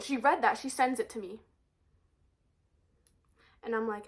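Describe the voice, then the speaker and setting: A teenage high school girl with a high voice rants to her camera in a storytime vlog. She talks in an exasperated, animated way, repeating lines and swearing as she piles on complaints. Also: unhurried, long pauses. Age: teens. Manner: exasperated, animated ranting with frequent swearing and repetition.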